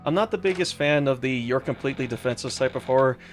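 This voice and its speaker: A man's voice: mid-range voice, fast talker, faint music behind. Young man rambling over a horror game. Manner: rambling, with frequent fillers and restarts. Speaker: let's play streamer. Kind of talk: casual gameplay commentary reading chat.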